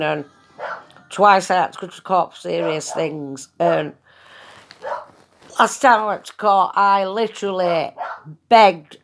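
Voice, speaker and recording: Gravelly blunt woman. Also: lowish voice. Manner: blunt, chatty, swears freely, heavy local slang. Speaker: vlogger. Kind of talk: casual storytelling monologue. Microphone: phone.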